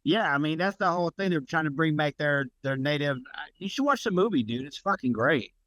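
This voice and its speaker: Laid-back man, fairly high voice. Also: expressive, brisk, a bit bright, no echo, dull audio. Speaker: podcast co-host. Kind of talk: casual chat.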